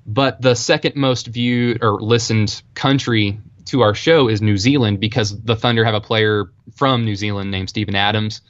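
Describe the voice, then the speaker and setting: A young man with an Oklahoma accent, talking in a relaxed, rambling way as a guest on a podcast. His voice sits fairly low, and the sound is a bit dull and dry, with no room around it. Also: moderate pace, hardly any pauses, dry recording. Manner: self-deprecating, rambling with fillers. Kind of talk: casual podcast chat.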